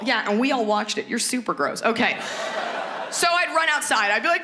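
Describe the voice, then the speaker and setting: Brash bright-voiced woman comic. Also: very animated, a little fast, a little hiss or hum. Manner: brash, profane, switches into shrill acted voices. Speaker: stand-up comedian. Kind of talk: stand-up comedy routine. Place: comedy club stage.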